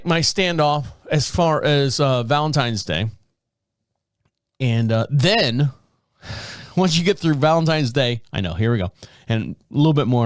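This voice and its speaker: A man in his fifties chats alone into a close podcast mic, his voice pitched a little high for a man. He rambles and stumbles over restarts, chuckling at his own jokes. The sound is dry, with no room behind it. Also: dry recording. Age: 50s. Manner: rambling and self-amused, chuckling through frequent restarts. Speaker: podcast host. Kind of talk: casual solo chat.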